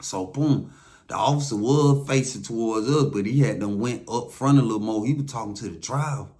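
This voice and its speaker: Southern man from Atlanta, mid pitch, telling a story loose and profane, jumps into quoted voices. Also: brisk, dark tone. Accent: Southern American, Atlanta. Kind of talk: casual first-hand storytelling.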